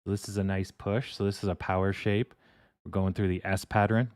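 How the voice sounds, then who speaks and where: A man's voice: low voice, level tone, a little fast, darkish tone, smooth, no echo, studio quality. A man hosting a casual stock trading livestream, rambling, chuckling and swearing offhand.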